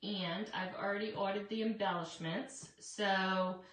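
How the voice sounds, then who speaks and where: A woman's voice: mid-range voice, fairly even intonation, a little slow, fairly bright tone. A woman hosting a casual live craft demo from her shop, chatting to viewers and calling them guys. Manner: chatty, addresses viewers as guys, frequent asides. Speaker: craft shop owner and live-stream host. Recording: roomy echo, distant from mic, faint noise.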